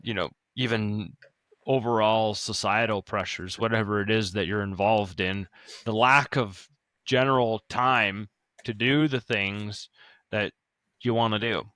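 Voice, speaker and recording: A man on a casual podcast chat who speaks in a reflective, measured way. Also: lowish voice, fairly even intonation, fairly bright tone, no room sound. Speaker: podcast co-host.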